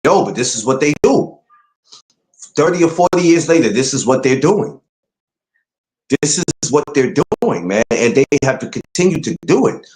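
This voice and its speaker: At medium pitch and a moderate pace, a man hosts a podcast about boxing from an echoey room. His casual talk is emphatic and lively, now and then rising to disbelieving outbursts.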